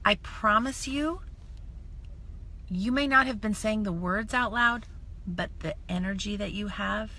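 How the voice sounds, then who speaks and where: A direct-sales business mentor gives a motivational talk on a phone live stream in a mid-range, somewhat sharp voice, speaking a little slowly. She's enthusiastic and emphatic, repeating her points to build momentum, and there's slight background noise.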